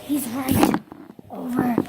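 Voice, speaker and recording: A woman hosting a playful pet vlog, excitable and giggly, talking into a headset microphone and breaking into shrieks. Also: high-pitched, slow pace, very noisy. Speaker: channel host.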